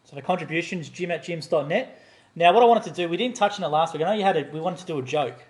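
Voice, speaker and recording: A man's voice: on the high side, animated, fast. A man hosting a live stream in a chatty, upbeat way. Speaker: host.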